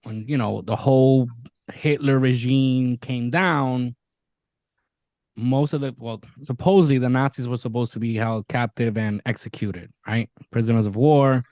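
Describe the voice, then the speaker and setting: A man in casual podcast chat, retelling a show with lots of energy, swearing freely and jumping into quoted voices. His voice sits at a middle pitch. The sound is dry and close to the mic. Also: a little slow, darkish tone, no echo. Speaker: podcast co-host.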